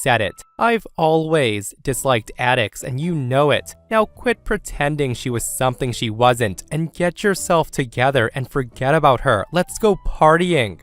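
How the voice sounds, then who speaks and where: Guy reading a pushy mean woman friend, slow and scornful, bossing people around. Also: medium pitch, expressive, a bit bright. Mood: scornful, bossy. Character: smug, pushy woman friend, mocking and bossy.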